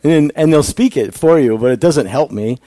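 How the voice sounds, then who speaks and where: A man's voice: on the high side, animated, moderate pace, dark tone, dry recording. A male pastor giving a conversational sermon, asking the congregation questions.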